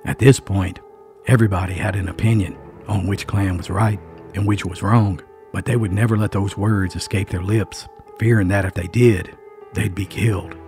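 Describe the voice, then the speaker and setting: A man with a fairly low voice narrates a grim tale in a suspenseful, folksy storytelling manner. He punctuates the story with emphatic little asides, and soft music plays faintly underneath. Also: steady tone, normal speed. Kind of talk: dramatic scripted narration.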